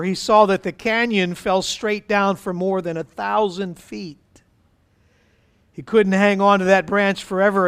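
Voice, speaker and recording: High, smooth-voiced male pastor preaching. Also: a bit bright. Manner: emphatic, fervent preaching. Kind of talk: sermon and prayer.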